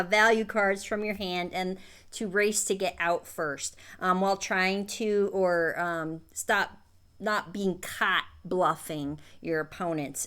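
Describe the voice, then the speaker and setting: Clear-voiced woman co-hosting chat. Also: medium pitch. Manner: animated, playful exclamations. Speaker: co-host. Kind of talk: casual chat.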